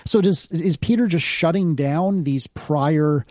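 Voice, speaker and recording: A man's voice: fairly high pitch, takes it slowly, a little mellow, dry recording, studio quality. A man co-hosting a tech podcast who reads listener emails aloud, sometimes stumbles and restarts, and laughs at himself. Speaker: podcast co-host reading listener mail. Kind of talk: casual tech chat.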